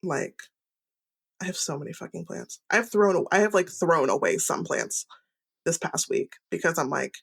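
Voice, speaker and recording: Gravelly, husky woman chatting about plants. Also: on the low side, lively intonation, normal speed, fairly bright tone. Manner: exuberant, enthusiastic. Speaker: plant shop owner, guest. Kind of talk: casual podcast chat.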